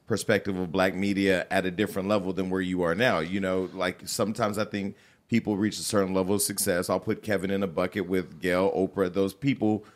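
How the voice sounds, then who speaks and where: A man with a low-pitched voice leads a casual interview. He speaks directly and asks pointed, probing questions of his guest. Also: flat delivery, brisk.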